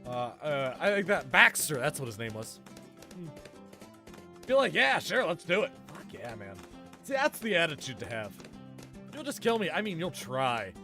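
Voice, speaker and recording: A man's voice: on the high side, huge pitch swings, normal speed, long pauses, sharp tone, soft background music. A man streaming a game, chatting casually with viewers in a joking, sarcastic way. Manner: joking, sarcastic, talks to chat while playing. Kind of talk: casual gaming stream chat.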